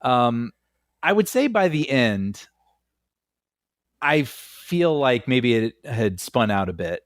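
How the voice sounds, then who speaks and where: A man in casual podcast chat who gives thoughtful, measured opinions with lively rises and falls in his pitch. The sound is dry and close to the mic. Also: dry recording. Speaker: podcast co-host.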